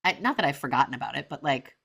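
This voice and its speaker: A woman in her forties tells a story on her podcast, chatty and animated, with plenty of fillers. Her voice sits low with a gravelly fry, and her tone is bright and crisp. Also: rapid-fire. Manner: chatty, animated, many fillers and acted-out quotes. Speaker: podcast host. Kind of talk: casual storytelling monologue.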